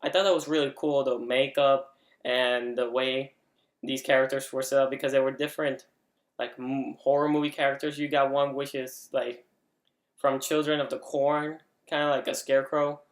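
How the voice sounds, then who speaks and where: A man's voice: medium pitch, flat delivery, normal speed. Chatty man in an echoey room. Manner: chatty, with frequent "like" fillers and restarts. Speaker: vlogger reviewing an event. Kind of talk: casual spoken review. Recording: roomy echo.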